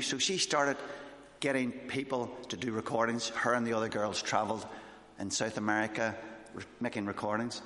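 Fast-talking Northern Irish man, echoey church. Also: mid-range voice. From Northern Ireland. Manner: fast, excitable storyteller. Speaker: missionary speaker. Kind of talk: church talk. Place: church hall.

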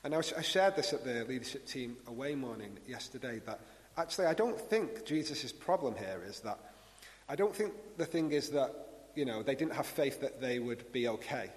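A man's voice: medium pitch, lively intonation, moderate pace. Man preaching in a reverberant hall. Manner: conversational, reflective, with many restarts. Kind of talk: sermon.

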